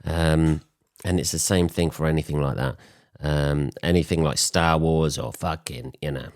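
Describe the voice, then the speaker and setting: A man in his forties, hoarse from a cold, hosting a podcast in a blunt, swearing, rambling monologue. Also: rumbling low, steady tone, normal speed, a little mellow, no echo, studio quality. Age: 40s. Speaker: podcast host. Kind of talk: casual solo podcast monologue.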